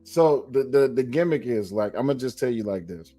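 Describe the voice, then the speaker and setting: A man's voice: medium pitch, animated, moderate pace, warm tone, soft background music. A man hosting a casual live podcast, talking loose and emphatic with slang. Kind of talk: casual livestream chat.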